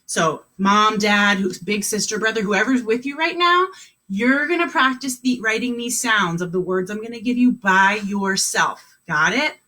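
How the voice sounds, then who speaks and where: A woman teaching an online kindergarten class, sounding words out slowly and encouraging the children. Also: mid-range voice, bright, forceful tone.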